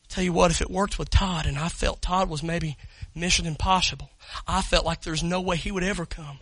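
A man preaching a sermon, telling stories in a hush and then shouting with excitement while calling people up front. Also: fairly high pitch, brisk, few pauses, dry recording, rough recording. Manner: swings from hushed storytelling to loud excited shouting; talks directly to the congregation, calls people up.

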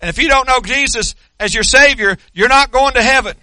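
Male pastor, high bright voice, emphatic repetitive preaching. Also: brisk, no room sound. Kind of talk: sermon.

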